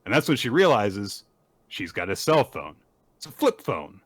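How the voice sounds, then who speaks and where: A podcast host with a fairly low, breathy voice and big pitch swings rambles through a manga chapter recap, using fillers and the occasional swear. He acts out characters' lines in quick put-on voices. The recording is dry.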